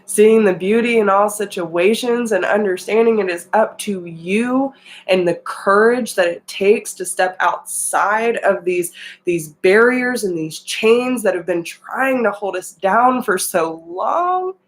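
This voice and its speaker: A woman's voice: medium pitch, expressive, unhurried, poor audio. A woman giving an earnest, emotional tarot reading and talking straight to her viewers. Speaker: tarot reader.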